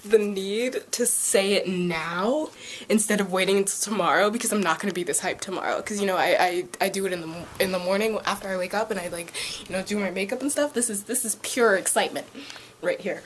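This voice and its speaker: Gushing, excitable young woman vlogging. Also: mid-range voice, brisk, slight background noise. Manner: gushing, excitable, heavy use of "like". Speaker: video reviewer. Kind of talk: casual vlog recap. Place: at home by a couch.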